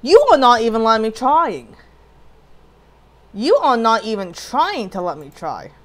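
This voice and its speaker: A woman's voice: a little high, sing-song, unhurried. A woman casually commenting as she plays a puzzle game, talking back at the screen with jokey frustration. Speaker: gameplay streamer. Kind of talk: casual let's play commentary.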